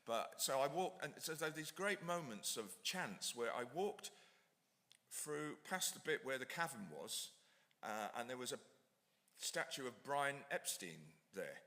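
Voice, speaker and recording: A man's voice: mid-range voice, big pitch swings, unhurried, pushed and bright, big-room sound. A middle-aged man, an author at a talk, telling rambling, self-deprecating anecdotes and then reading aloud from his book. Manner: digressive, chatty, self-deprecating. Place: lecture hall at an ideas festival.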